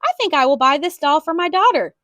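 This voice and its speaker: A woman's voice: high-pitched, animated, fairly quick, pushed and bright, no room sound. Woman voicing a jumpy lady shopper. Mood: pleased. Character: female shopper, easily frightened.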